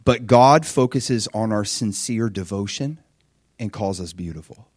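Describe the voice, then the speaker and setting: A man preaching a sermon in an animated way, acting out dialogue with sudden high-pitched exclamations. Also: measured pace, no echo, studio quality.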